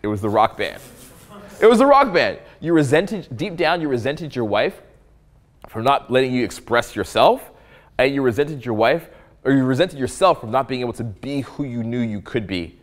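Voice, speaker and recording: A man giving a live dating-coach talk to an audience: animated, joking and profane, often acting out what people say. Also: mid-range voice, normal speed.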